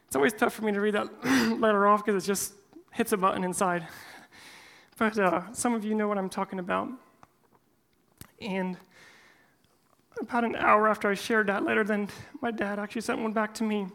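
A man's voice: high voice, steady tone, normal speed, vocal fry, long pauses, pushed and bright. A man speaking to a church men's group, reading a personal letter aloud and then addressing the group in an earnest, heartfelt way.

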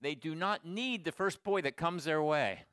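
A man in his sixties giving a sermon to men, swinging from loud exhortation to quiet storytelling. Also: on the high side, normal speed, clear, resonant tone, no room sound, studio quality. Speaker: speaker at a men's gathering.

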